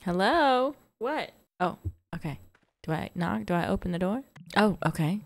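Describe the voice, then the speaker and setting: A young woman chats through a cozy game, bubbly and gushing over cute things. Her pitch leaps and dips in a lively way. The sound is close and dry. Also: normal speed, dry recording. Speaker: gaming channel host. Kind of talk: casual let's play commentary.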